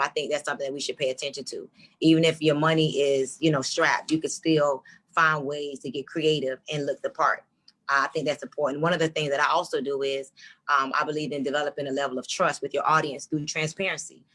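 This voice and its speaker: A woman's voice: sits low, flat delivery, fairly quick, a bit bright. A woman giving earnest advice as a panelist.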